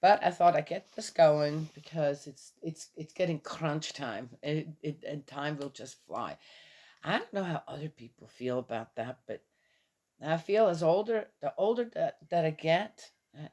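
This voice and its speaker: A woman's voice: sits low, unhurried, a little mellow. A woman in her fifties, a little tired, chatting casually in a morning vlog, rambling and chuckling often. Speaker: vlogger.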